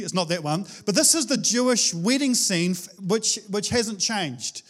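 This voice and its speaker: A male preacher giving a casual, conversational sermon, animated and chatty, with frequent restarts. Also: high voice, measured pace.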